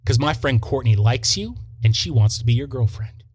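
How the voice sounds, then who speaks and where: A man voicing a huge, intimidating teenage schoolgirl who talks gruffly and bluntly. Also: mid-range voice, lively intonation, normal speed, pitched below the performer's own voice.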